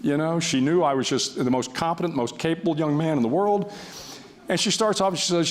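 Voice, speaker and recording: A man's voice: fairly high pitch, a little fast. An older man speaking as a guest before an audience, telling a story in a wry, self-deprecating way with frequent restarts.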